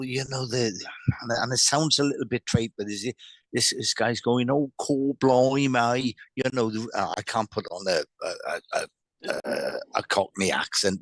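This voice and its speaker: Man, psychic medium, live reading, halting, repeats himself, relays spirit messages, dry sound. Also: medium pitch, pushed and bright, no echo. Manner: halting, repeats words, many restarts.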